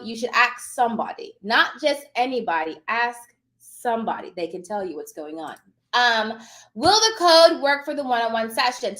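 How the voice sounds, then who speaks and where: Woman host, high and bouncy, hyper and playful, calls viewers darling, plays with a put-on posh accent. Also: fairly bright tone. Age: adult with children. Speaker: host and notary business coach. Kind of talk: casual live-stream chat.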